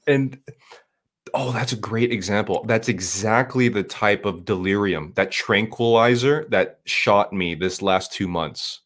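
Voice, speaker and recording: A man's voice: on the low side, measured pace, fairly bright tone. A man in casual podcast chat, rambling and emphatic, swearing a lot with frequent restarts.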